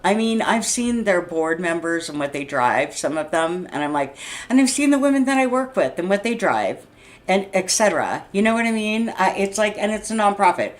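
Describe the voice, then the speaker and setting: A woman's voice: mid-range voice, very animated, moderate pace. An agitated woman in her sixties vents to camera in a rambling monologue. She laughs between thoughts, swears freely, and restarts her sentences as she talks. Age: 60s. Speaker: vlogger. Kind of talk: unscripted venting monologue.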